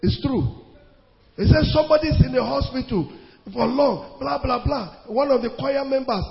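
A man preaching a sermon as pastor, emphatic, repeating his phrases and breaking into sudden shouts, heard in a church hall. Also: extremely high pitch, normal speed, creaky. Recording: dull sound with long hall reverb.

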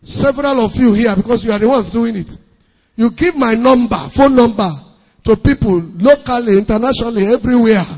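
A man preaching a sermon as pastor, emphatic and repetitive, with sudden shouts. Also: extremely high pitch, fairly quick, slightly rough. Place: church hall. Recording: long hall reverb.

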